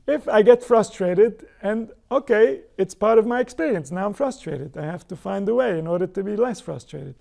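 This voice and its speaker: A man's voice: high-pitched, vocal fry, dark tone. A man giving a spiritual Torah lecture, posing rhetorical questions and answering them himself. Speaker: spiritual teacher.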